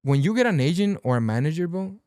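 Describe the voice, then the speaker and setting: A young Mexican-American man from Los Angeles tells stories on a podcast, with a slightly high voice and a close, dry mic sound. He moves between Spanish and English and says "bro" every few words. He acts out the people he quotes as the stories run on. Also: big pitch swings, fast, a little mellow, clean tone, no room sound. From Pacoima, California, with a Sinaloan mother. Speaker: podcast guest, actor. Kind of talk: casual storytelling chat.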